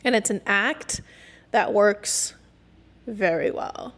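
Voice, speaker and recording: A young woman hosting her own podcast, ranting candidly and casually with lots of "like" and quick laughs. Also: medium pitch, a bit bright. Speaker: podcast host. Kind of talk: casual solo podcast rant.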